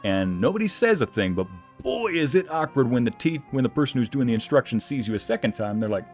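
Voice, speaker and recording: A man's voice: mid-range voice, fast. A man streaming a game, telling a story in casual chat and acting out the quoted lines in a raised voice. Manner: animated, acts out quotes in a raised voice. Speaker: streamer and narrator. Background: faint background music.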